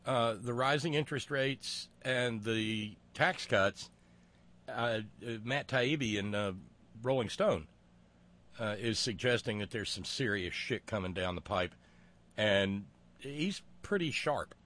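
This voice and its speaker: A man hosting a political talk show, with wry, sarcastic asides and many pauses and fillers. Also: mid-range voice, fairly bright tone.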